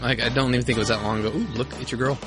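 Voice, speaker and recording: A man's voice: mid-range voice, fairly even intonation, rapid-fire. A man hosting a casual rewatch podcast, joking and swearing. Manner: joking, profane. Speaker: podcast host. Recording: music playing underneath.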